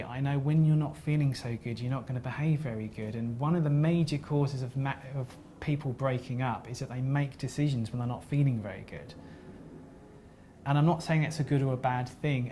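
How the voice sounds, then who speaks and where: A man's voice: mid-range voice, a little hiss or hum. Earnest man giving a seminar talk. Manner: earnest, halting, with frequent restarts; gently apologetic. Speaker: seminar speaker.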